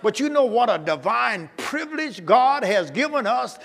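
A man's voice: very high voice, sing-song, moderate pace, vocal fry, fairly bright tone, in a large hall. A male pastor preaching a sermon with emphatic call-and-response to his congregation, in a church sanctuary.

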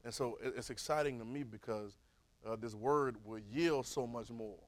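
A man, teaching a Bible class in a preaching style, calling for responses and swinging from soft to loud. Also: medium pitch, normal speed, dry recording, low-quality recording.

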